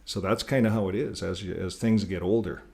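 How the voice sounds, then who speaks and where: A man's voice: low voice, fairly even intonation, fairly quick, creaky, dark tone. Older man rambling casually to camera. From Canada. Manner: rambling, repeats words, chuckles. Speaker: YouTube channel host.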